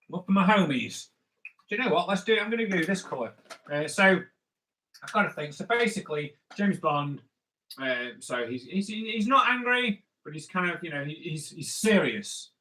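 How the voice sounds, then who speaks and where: A man's voice: high voice, sharp tone, poor audio. A man hosting a live drawing stream, chatting playfully with viewers and thinking aloud as he draws. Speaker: comic artist host.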